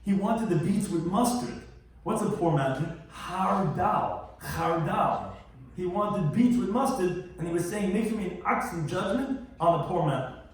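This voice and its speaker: A man's voice: high voice, expressive, moderate pace, a little mellow. A man gives a Talmud lesson, singing out each Aramaic phrase before translating it and adding a quip. His slightly raised voice carries through a heavily reverberant classroom. The mic sits well back from him. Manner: explains Aramaic phrases line by line, chanting the original then translating, with quips. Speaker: rabbi teaching Talmud. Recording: very echoey room, distant mic.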